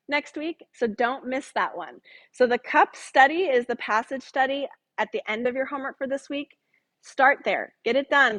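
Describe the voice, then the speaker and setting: Woman, middle-aged Bible study leader, high-ish voice, playful and conversational. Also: fairly bright tone, poor audio. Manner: chatty, jokes with the audience, acts out voices in quotes.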